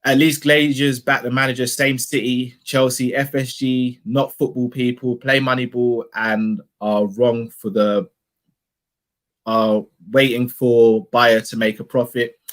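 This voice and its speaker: A man's voice: mid-range voice, level tone, unhurried, a bit bright. A young man hosting a live fan reaction stream, ranting heatedly and repeating himself for emphasis. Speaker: fan channel co-host. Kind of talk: live post-match reaction rant.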